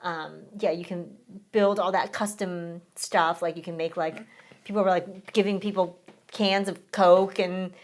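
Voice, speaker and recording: A woman's voice: lowish voice, steady tone, a little slow, a little hiss or hum. A woman in her thirties co-hosting a podcast, chatting casually and saying "like" a lot. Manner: chatty, heavy use of "like". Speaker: podcast co-host. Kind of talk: casual chat.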